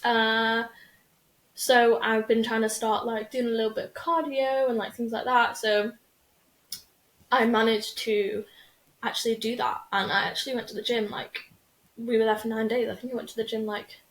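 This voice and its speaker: A young woman chats away as a podcast host, rambling and loose, with lots of fillers. Her voice sits a little high. The room around her rings with echo. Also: little pitch movement, normal speed, a bit bright. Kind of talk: casual chat. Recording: echoey room.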